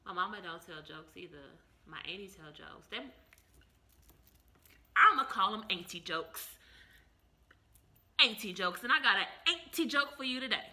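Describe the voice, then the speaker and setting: Bright, playful woman in her thirties. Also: medium pitch, animated, normal speed, long pauses. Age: 30s. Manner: playful, over-the-top, self-described extra. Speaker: vlogger. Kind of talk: casual chat to camera.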